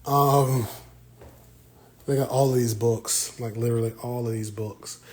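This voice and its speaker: A man's voice: medium pitch, fairly even intonation, measured pace, darkish tone, rough recording. Playful man live-streaming from a library. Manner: playful, teasing. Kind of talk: casual live-stream chat. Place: indoor library.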